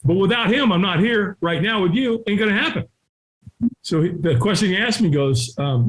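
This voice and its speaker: A middle-aged man telling a story as a podcast guest. His talk is punchy and animated, he often ends sentences with "right?", and he acts out the people in his story with quick shifts of voice. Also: sits high, low-quality recording. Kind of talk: storytelling in a conversational interview.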